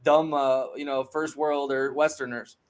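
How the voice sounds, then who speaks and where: A man's voice: medium pitch, flat delivery, measured pace. Profane, rambling man telling stories. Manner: profane, rambling storyteller with frequent fillers. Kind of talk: casual chat.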